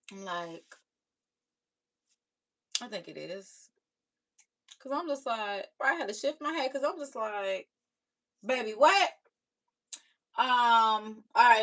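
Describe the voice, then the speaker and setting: Sassy raspy-voiced young woman streamer. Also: mid-range voice, fairly bright tone. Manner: sassy, talks back to commenters. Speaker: live streamer reacting to comments. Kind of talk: casual reaction chat.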